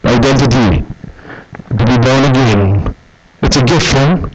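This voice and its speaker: A middle-aged male pastor preaching a sermon, animated, with rhetorical questions and anecdotes told through quoted dialogue. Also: mid-range voice, a little slow, background noise.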